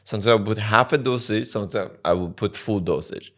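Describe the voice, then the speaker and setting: A man's voice: fairly low pitch, fast, fairly bright tone. A man co-hosting a podcast in casual chat, often laughing and swearing freely. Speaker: podcast co-host.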